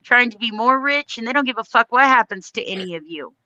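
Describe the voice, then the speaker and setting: A woman's voice: fairly high pitch, expressive, a little fast, sharp tone, no echo, muffled recording. Blunt, swearing woman ranting on a livestream. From United States. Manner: blunt, profane, emphatic. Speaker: livestream host. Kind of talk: heated political rant.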